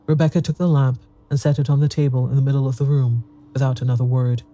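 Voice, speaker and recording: A man narrates a story in an even, measured way. His voice is very dark and mellow. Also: medium pitch. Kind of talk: audiobook narration.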